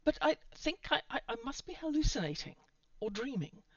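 A woman's voice: on the low side, lively intonation, unhurried, no room sound, distant mic. Rupert Giles, read by a woman, stammering and desperate. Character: flustered British librarian man, bookish and desperate. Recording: dull lo-fi sound from off mic.

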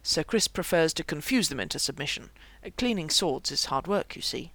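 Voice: mid-range voice, expressive, moderate pace, creaky, fairly bright tone, no room sound. A reader doing a dry-witted young squire. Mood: wry. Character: wry quiet young male squire.

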